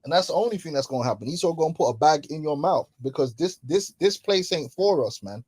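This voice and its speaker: A man's voice: on the high side, lively intonation, quick pace, a little mellow, breathy edge, no room sound. A man hosting a casual religious commentary, talking in slangy, mocking, preachy tones and laughing often. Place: London.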